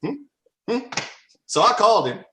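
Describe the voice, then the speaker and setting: A man's voice: high voice, very animated, normal speed, pushed and bright, reverberant, a little hiss or hum, rough recording. A man co-hosting a casual chat show, playful and teasing as he jokes with his partner. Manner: playful and teasing, jokes about feeling left out. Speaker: co-host.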